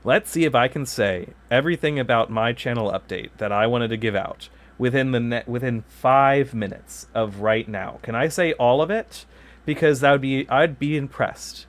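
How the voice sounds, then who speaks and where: A man's voice: medium pitch, lively intonation, normal speed, a bit bright. A man hosting his gaming channel, chatting casually while he streams, rambling, correcting himself often and joking along. His microphone sits some distance from his mouth. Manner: rambling, self-correcting, playful. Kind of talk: casual chat while live streaming gameplay. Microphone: microphone kept far from the mouth.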